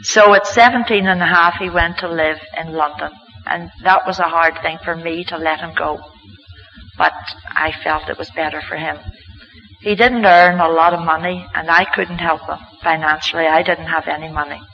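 A woman's voice: low-pitched, steady tone, normal speed, gravelly, slight background noise. A woman from Ireland, giving an earnest, heartfelt spoken religious testimony as a mother. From Northern Ireland. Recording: dull lo-fi recording.

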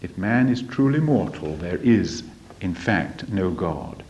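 A man teaching from a spiritual text in a deliberate, emphatic lecture, often asking rhetorical questions. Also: sits low, expressive, darkish tone. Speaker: religious study teacher. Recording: dull lo-fi recording.

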